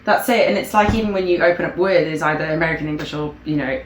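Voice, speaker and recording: A woman from Zimbabwe, chatting in a rambling, animated way while reacting to a video. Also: low voice, fast, slight background noise. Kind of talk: casual chat. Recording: echoey room.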